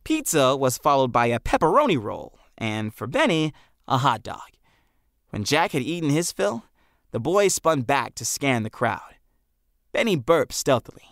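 Guy narrating an audiobook, lively, expressive, bit gravelly, dry close sound. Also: mid-range voice, a little slow, dry recording. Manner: expressive storytelling. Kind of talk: scripted narration.

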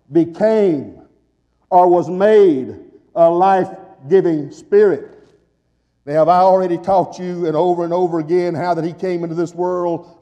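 An older man preaching a fervent sermon in a church, building to shouts and calling for his congregation to answer back. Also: sits high, long reverb tail, dull audio. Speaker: pastor. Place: church sanctuary.

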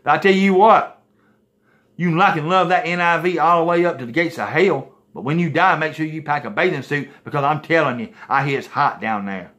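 Preaching to a video audience, a man speaks in an impassioned, emphatic way and keeps saying "folks, listen." His voice is on the high side, a bit bright, and a little fast.

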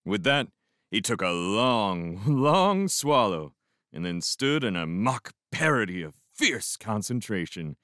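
A man reading a novel aloud as an expressive first-person fan audiobook narrator. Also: on the low side, slow pace, no echo, clean studio sound. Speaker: audiobook reader.

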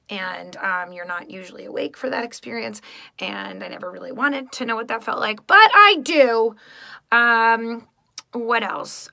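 A woman's voice: medium pitch, gravelly, sharp tone, dry recording. A woman, an actress and voice actress, telling rambling stories in a casual recorded message to a fan. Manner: chatty, rambling storytelling.

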